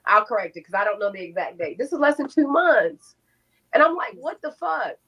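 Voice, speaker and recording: A young adult woman telling her own story in an interview, animated, acting out quotes and swearing freely. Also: mid-range voice, fairly quick, breathy edge, rough recording.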